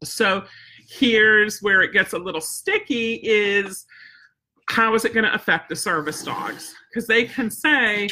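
A woman with a sharp-toned, mid-range voice speaks a little slowly as she gives a dog-training lesson on a live stream. She's chatty and direct, adds "right?" and "okay?" to her points, and stays firm about follow-through.

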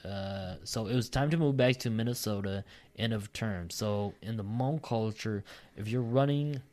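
A man's voice: on the low side, moderate pace, darkish tone. A man hosting a casual podcast, reading a listener's story aloud and breaking off for profane, joking asides. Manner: profane, laughing asides between read lines.

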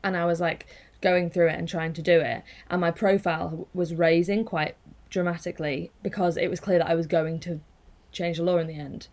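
A woman's voice: on the low side, steady tone, brisk, darkish tone. A woman talking as a podcast guest, earnest and reflective, who swears casually now and then. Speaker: guest activist.

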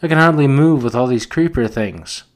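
A man's voice: medium pitch, normal speed, close to an everyday voice. A man reading as an anxious chubby schoolboy. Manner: eager, chattering, worried questions.

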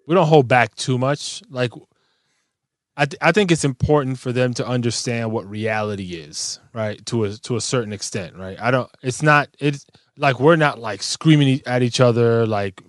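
A man chatting casually about family life, animated and quick to swear. His voice sits close and dry on the mic, with no room around it. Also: medium pitch, dry recording. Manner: animated, swearing, loud when joking. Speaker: father in a podcast talk. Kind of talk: casual chat.

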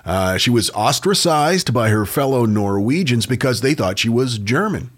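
A man's voice: medium pitch, expressive, moderate pace. A man co-hosting a podcast, telling odd facts in a casual, storytelling way. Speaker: podcast co-host. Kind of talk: casual chat.

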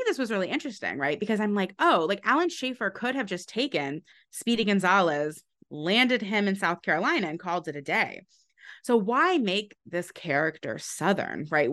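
Low-voiced woman historian explaining at length. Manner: relaxed, laughs lightly between points. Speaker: author and historian. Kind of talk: explanatory interview answer.

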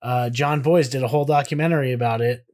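A man's voice: mid-range voice, steady tone, fast, a little mellow. A man co-hosting a podcast, chatting casually and joking, often restarting his sentences. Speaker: podcast co-host. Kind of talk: casual chat.

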